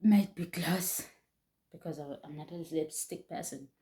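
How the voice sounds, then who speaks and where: A young woman speaks in a low, mellow voice as she tells a painful story from her own life. She talks haltingly, backing up and restarting, and she stays close to tears throughout. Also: fairly even intonation. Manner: halting, restarts often, voice rising and breaking with emotion. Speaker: vlogger. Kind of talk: emotional personal storytelling.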